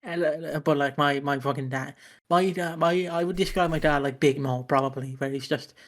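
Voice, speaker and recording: A man's voice: on the high side, steady tone, brisk, a bit bright. A young man co-hosting a podcast, telling rambling, sweary anecdotes with lots of restarts. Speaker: podcast co-host. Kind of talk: casual chat.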